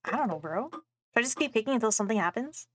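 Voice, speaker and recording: Over background music, a young woman's rather high, animated voice comes rapid-fire as she streams a game. She reads its texts aloud and reacts casually in her let's play commentary, laughing and cursing along the way.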